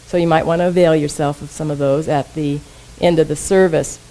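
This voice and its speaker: A woman's voice: low voice, steady tone, brisk, dark tone, rough recording. A woman minister giving a conversational sermon to her congregation, often asking them questions. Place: church sanctuary.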